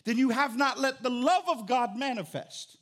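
A middle-aged man preaching a sermon as pastor, conversational and joking, with an animated delivery. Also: very high voice, normal speed.

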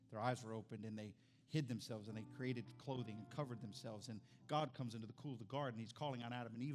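A man in his thirties preaching a sermon as pastor, animated, his voice climbing to near-shouts. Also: mid-range voice.

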